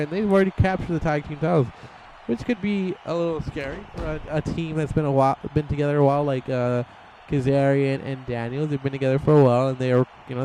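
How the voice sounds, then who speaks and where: A young man calls a wrestling video game match in loose, excited play-by-play, slipping into quick impressions of what the wrestlers might be thinking. His voice sits a little high for a man, with a faint hiss of noise behind it. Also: rough recording. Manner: rambling and playful, voicing wrestlers' thoughts in quick asides.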